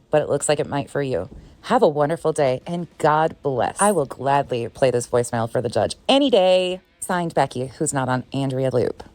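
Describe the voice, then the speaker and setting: A woman speaks in an unusually deep voice, brisk and defiant, recording a short video message. Her tone is steady as she makes her point.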